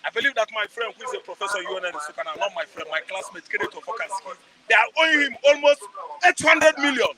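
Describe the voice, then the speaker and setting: Amid crowd noise, a middle-aged Nigerian man with a high, expressive voice talks fast in an impassioned street interview. His preaching style leans on repeated phrases, occasional shouting, and rhetorical questions he asks himself. The recording quality is low.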